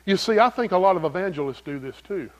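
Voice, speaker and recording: Pastor, male, high lively voice, folksy preaching, direct questions to the pews. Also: fast. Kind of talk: sermon.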